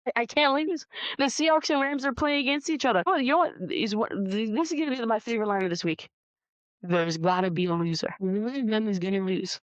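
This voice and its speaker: A young man co-hosting a casual sports debate, defending his picks and saying he is calm and having fun. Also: high voice, fairly quick, no echo. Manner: defensive, insists he is calm, talks over the other. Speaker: podcast co-host. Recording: dull lo-fi sound.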